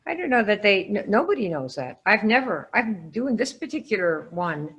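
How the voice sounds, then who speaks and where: A woman teaching sales in a live online coaching session, quizzing her audience and calling on listeners by name with lively energy. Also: mid-range voice, normal speed. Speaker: sales trainer.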